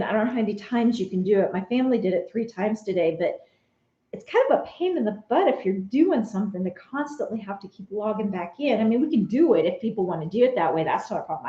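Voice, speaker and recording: A woman chats casually with her live viewers, animated and quick to laugh. Her voice is mellow and relaxed. The sound is roomy and a little dull, like a home studio on a modest mic. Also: mid-range voice. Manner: chatty and animated, laughs often, reads viewer comments. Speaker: vlogger chatting with live viewers.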